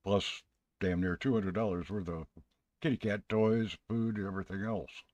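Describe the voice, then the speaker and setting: Man, live stream host, low voice, folksy and rambling, dull dry lo-fi audio. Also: steady tone, moderate pace, darkish tone, no room sound. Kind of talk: casual live stream chat.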